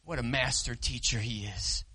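A man preaching a sermon, swinging from loud declarations to soft, intimate appeals to the listeners. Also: mid-range voice, normal speed, slightly rough, no echo. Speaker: pastor.

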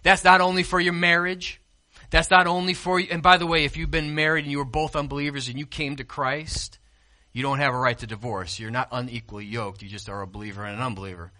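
A man preaching a sermon as pastor. He swings between hushed, quiet stretches and loud, emphatic peaks, and puts questions to the congregation. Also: medium pitch, little pitch movement, quick pace.

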